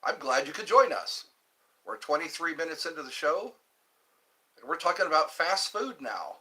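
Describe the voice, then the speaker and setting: A man hosting a casual livestream from home, chatting in a rambling, animated way and reading viewer comments aloud. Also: normal speed. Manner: chatty, rambling, animated, with pitch leaps when greeting viewers. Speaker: livestream host.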